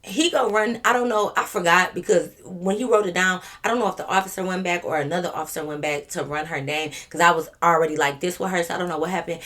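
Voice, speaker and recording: A woman vlogger telling a story in a casual way, animated, emphatic and full of swearing. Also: lowish voice, quick pace, hardly any pauses.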